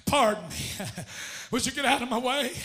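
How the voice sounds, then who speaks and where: A man's voice: very high voice, animated, unhurried, fairly bright tone, heavily acted. A man preaching and voicing a desperate woman who pushes through a crowd, gasping between phrases. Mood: urgent.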